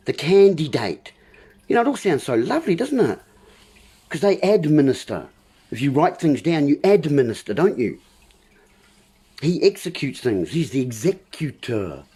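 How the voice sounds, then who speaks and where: Husky, lively New man rambling. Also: on the high side. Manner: meandering, punning wordplay, addresses listeners as folks. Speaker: livestream host. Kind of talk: rambling livestream monologue.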